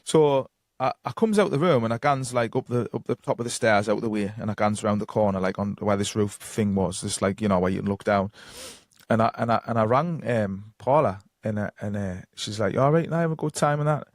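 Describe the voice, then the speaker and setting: A man's voice: on the low side, brisk, no room sound, studio quality. A man with a Geordie accent, telling long casual stories with many fillers as a guest on a podcast. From North East England. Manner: rambling anecdotes with many fillers and quoted dialogue. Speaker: guest psychic medium. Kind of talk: casual storytelling.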